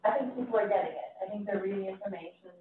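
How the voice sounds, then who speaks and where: A woman's voice: medium pitch, very fast, slight background noise. Woman, community meeting, insistent and repetitive, distant mic, heavy echo. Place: city meeting room. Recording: echoey hall, far from mic, phone-like.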